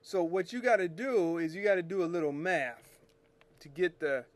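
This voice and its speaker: A man's voice: high voice, moderate pace. A man hosting a photo retouching show, explaining scanner settings in a chatty, rambling way that corrects itself as he works at his computer. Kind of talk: casual screen-share tutorial.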